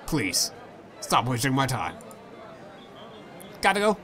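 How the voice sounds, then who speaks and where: A man's voice: on the high side, lively intonation, slow, long pauses, a bit bright. A man playing a story game, reading its dialogue aloud in a playful way and switching voices for the characters. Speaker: let's play gamer.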